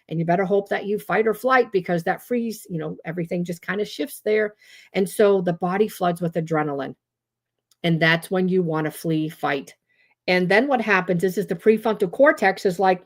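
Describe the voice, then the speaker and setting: A chatty woman with a slightly low voice hosts a casual livestream as a trauma-informed educator. Her talk is loose and animated, with lots of fillers and restarts, and she keeps acting out little quotes in different voices. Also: brisk.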